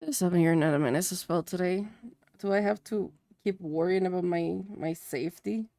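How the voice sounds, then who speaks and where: A woman's voice: fairly low pitch, fairly quick, creaky, warm tone, no echo, clean studio sound. A young woman, a Spanish native speaker, chatting casually with her livestream viewers and filling her sentences with "like". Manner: chatty, many "like" fillers, answering chat.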